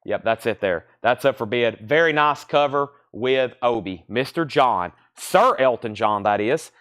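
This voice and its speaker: A man's voice: mid-range voice, lively intonation, measured pace, a bit bright. A man from the American South with a Southern accent, hosting a live-stream vinyl record sale from a record shop. He reads out album titles, bids and prices between chatty asides. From Southern United States. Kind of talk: live-stream auction chat.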